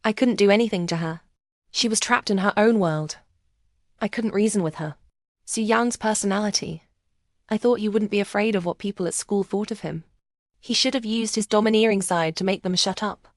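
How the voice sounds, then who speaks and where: Dry, calm female story narrator. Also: mid-range voice, moderate pace, no echo. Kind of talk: first-person scripted narration of a romance story.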